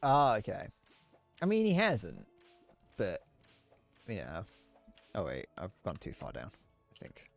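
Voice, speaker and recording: A man's voice: lowish voice, wildly swooping pitch, measured pace, gravelly, long pauses, soft background music. A man chatting casually while streaming a game, rambling, swearing, and stammering through restarts. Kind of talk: casual live-stream chat while gaming.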